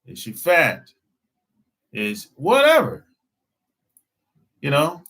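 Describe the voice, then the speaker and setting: A man talking casually as a dating coach, slow and drawling, often breaking into laughter. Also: on the high side, huge pitch swings, a bit bright. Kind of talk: casual live-stream talk.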